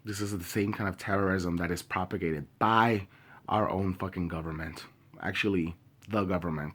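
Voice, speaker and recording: A young man speaking straight to camera in a personal video, grieving and angry, impassioned and halting with many pauses, swearing openly. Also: deep voice, fairly even intonation, a bit bright, slightly rough. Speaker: vlogger.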